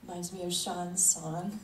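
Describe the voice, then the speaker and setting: A woman's voice: lowish voice, fairly even intonation, unhurried. A woman spiritual leader giving a conversational sermon, chuckling often as she talks. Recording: echoey hall, mic at a distance, faint noise.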